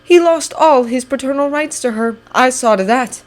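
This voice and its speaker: A woman's voice: sits high, normal speed, pitched above the performer's own voice, close to an everyday voice. A woman doing a haughty young aristocrat wizard. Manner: sneering, clipped retorts. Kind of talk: fan audiobook reading.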